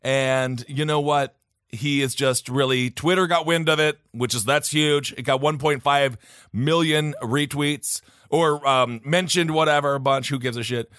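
A man co-hosting a podcast in casual comedic chat, animated and joking as he reads stories aloud. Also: mid-range voice, a little slow, smooth, dry recording, studio quality. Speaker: podcast co-host.

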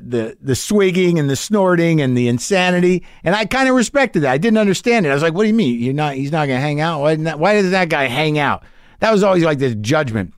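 A man's voice: on the high side, dry recording. Dry-voiced rambling podcast host, a man. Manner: rambling, self-deprecating, animated asides. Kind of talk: casual podcast chat and monologue.

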